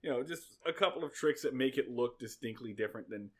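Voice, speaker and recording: Animated, joking male podcast host. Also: mid-range voice, fast, husky. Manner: rambling, profane, joking. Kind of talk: casual chat.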